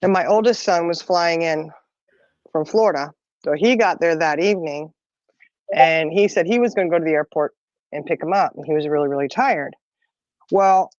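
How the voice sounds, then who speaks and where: A woman's voice: lowish voice, a little mellow, dry recording, highs cut off. A middle-aged woman telling a long story in casual chat, rambling and laughing often. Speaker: podcast co-host.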